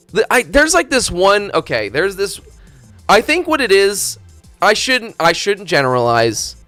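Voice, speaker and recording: A man live-streaming a game, ranting loudly with heavy swearing, then dropping into muttering. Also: fairly high pitch, no echo. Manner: loud profane ranting; animated, swings from loud to muttering. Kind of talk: casual live-stream chat.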